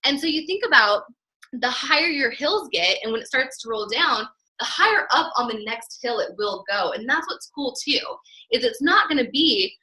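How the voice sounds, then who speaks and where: A young woman giving an energetic motivational talk as a business coach, acting out inner voices and swinging between loud and soft. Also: high-pitched, moderate pace, low-quality recording.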